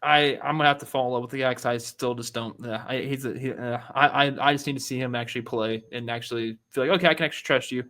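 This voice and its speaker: A man's voice: mid-range voice, fairly even intonation, fast, few pauses, bright, forceful tone. A man co-hosting a casual sports podcast, joking and throwing in playful interjections. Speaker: podcast co-host.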